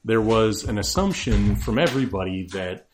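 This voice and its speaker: Guest analyst, male, lower register, measured and dryly funny, lots of restarts. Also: lively intonation, noisy background. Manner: analytical, hesitant restarts, dry jokes. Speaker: sports-knowledgeable guest. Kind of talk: casual podcast chat.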